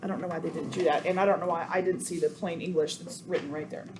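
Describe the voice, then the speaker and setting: A woman's voice: fairly low pitch, fairly even intonation, quick pace. A woman teaching a cello sectional, counting beats aloud and apologizing often. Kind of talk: coaching a sectional. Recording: noisy room sound.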